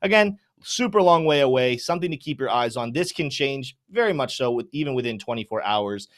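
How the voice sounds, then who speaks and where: This is a young man hosting a crypto market livestream, his voice mid-range and his pace brisk. Energetic, upbeat shout-outs go to chat members by name first, and then he gets into chart talk.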